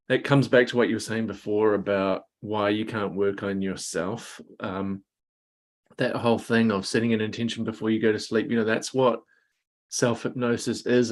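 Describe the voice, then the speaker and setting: A man's voice: lowish voice, steady tone, normal speed. A man joining a group discussion, thinking aloud with many hesitations and restarts. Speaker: participant. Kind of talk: casual discussion.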